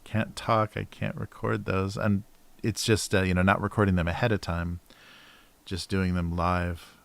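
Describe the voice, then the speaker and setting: A man with a very low voice chats loosely as he works on a drawing during a livestream. He mutters half to himself, lets sentences trail off and breaks into soft chuckles. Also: flat delivery, moderate pace, gravelly. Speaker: cartoonist livestreamer. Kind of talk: casual chat while drawing.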